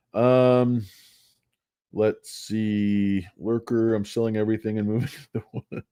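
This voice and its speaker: A man's voice: deep voice, darkish tone, no room sound, clean studio sound. A man hosting a casual livestream show about stocks, rambling, joking and poking fun at himself. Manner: joking, rambling, self-mocking.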